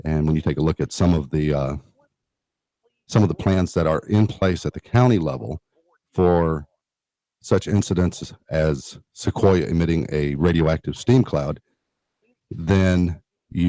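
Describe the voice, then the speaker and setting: An earnest man talks as a radio guest, his voice low and mellow. He explains at length, often pausing on fillers and restarting his sentences. The studio sound is close and dry. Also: dry recording. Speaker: radio guest from a neighborhood emergency preparedness group. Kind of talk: radio talk interview.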